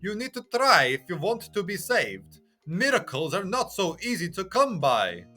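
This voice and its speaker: Man putting on a shrill, scolding young prisoner. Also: sing-song, normal speed, sharp tone, faint music behind, heavily acted. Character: brash loud young male prisoner.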